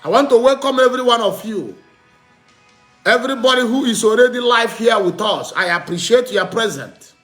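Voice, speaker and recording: A man preaching a sermon, teaching with slow, emphatic repetition and asking the listeners questions he answers himself. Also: extremely high pitch, animated, fairly bright tone, soft background music. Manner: repetitive call-and-response teaching, asks "what?" and answers; slow, emphatic delivery with drawn-out words.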